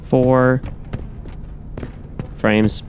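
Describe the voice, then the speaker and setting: A man's voice: medium pitch, little pitch movement, drawn-out words, a little mellow, slight background noise. A man hosting a horror game playthrough, muttering to himself as he works through codes and making wry asides. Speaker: gaming channel host. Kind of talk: let's play commentary.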